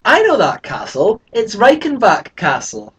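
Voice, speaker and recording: A performer voicing an excitable, hapless male sidekick in a fan parody. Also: medium pitch, measured pace, breathy edge, far from the mic, heavily acted. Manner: excitable, lively. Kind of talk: fan parody audio drama.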